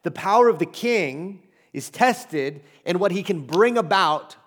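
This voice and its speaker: Male pastor with a slightly high voice, preaching in a conversational, emphatic way with humorous asides. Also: expressive, unhurried, fairly bright tone. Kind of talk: sermon.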